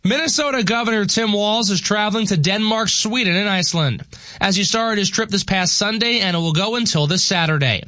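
A male newsreader with a high, bright, forceful voice, reading the headlines crisply. The studio sound is dry and close to the mic. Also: brisk, no echo. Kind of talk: radio news read.

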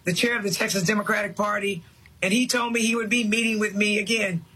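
High, bright, husky-voiced man. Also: fairly even intonation, fast, low-quality recording. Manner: blunt and insistent. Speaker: political guest. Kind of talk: interview clip.

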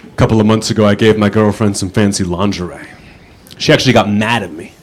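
A man doing stand-up one-liners with dry, deadpan punchlines. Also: fairly low pitch, fast talker, a faint crowd, a little hiss or hum. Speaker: stand-up comedian.

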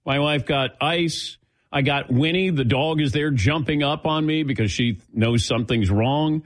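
A man's voice: fairly high pitch, unhurried. A middle-aged man hosting a casual sports talk show, telling self-mocking stories and acting out the voices of the people in them, a little lightheaded. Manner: self-mocking storyteller, acts out quotes. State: lightheaded after giving blood. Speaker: sports radio host.

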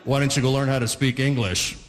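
A man's voice: mid-range voice, fairly even intonation, brisk, echoey room, big-room sound, a crowd in the background, voice pushed down, close to an everyday voice. A man doing a sneering line-cutter. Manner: condescending, mocking. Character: rude man cutting in line.

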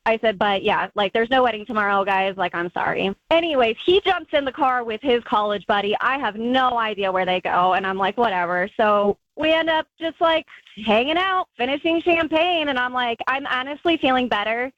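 A woman's voice: fairly high pitch, expressive, moderate pace, fairly bright tone, dry recording. Chatty woman caller on a lo-fi line. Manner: chatty, peppers speech with "like", acts out quotes. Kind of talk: telling her story on a radio call-in. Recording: dull lo-fi phone call on radio.

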